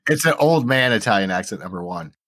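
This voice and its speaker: A man's voice: on the low side, lively intonation, fast, a bit bright, dry recording, clean studio sound. A man in his forties playing a tabletop game, hesitant and questioning. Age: 40s. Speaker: player. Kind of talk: tabletop role-play.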